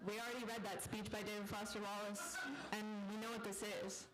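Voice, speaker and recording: A woman's voice: mid-range voice, level tone, a little fast, roomy sound, music in the background, close to an everyday voice, low-quality recording. A woman voicing a cocky, sarcastic young male fish who taunts and mocks. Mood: mocking. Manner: taunting, mocking.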